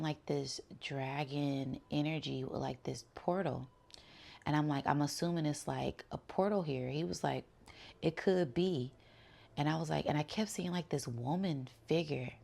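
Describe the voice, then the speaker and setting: A young woman telling a relaxed, chatty spiritual story, full of "um" and "like". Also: low voice, creaky. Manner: relaxed and chatty, many fillers like "um" and "like". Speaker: spiritual channel host.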